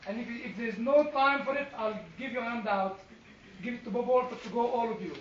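A man's voice: very high voice, fairly quick, slight background noise. A man leading a church Bible class, asking questions and joking at his own expense. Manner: animated, questioning, self-deprecating humor. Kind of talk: classroom discussion. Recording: far-off echoey room mic, slightly dull.

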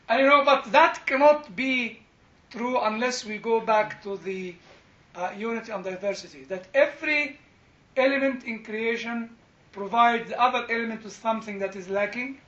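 Older man lecturing, high bright voice. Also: normal speed. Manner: anecdotal, digressive, laughs often, many "you know" fillers. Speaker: theology lecturer. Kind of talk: informal lecture with class interaction. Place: classroom. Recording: dull, roomy lecture-hall recording.

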